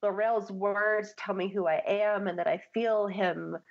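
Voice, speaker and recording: A woman's voice: medium pitch, slow, lo-fi sound. Chatty, enthusiastic woman podcast host. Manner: enthusiastic, animated, lots of "like" fillers. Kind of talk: casual chat.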